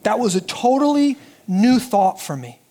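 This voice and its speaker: Male pastor, very high voice, lively sermon delivery that drops to hushed emphasis. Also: moderate pace, a little hiss or hum. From United States. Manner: animated preaching, dropping soft for emphasis.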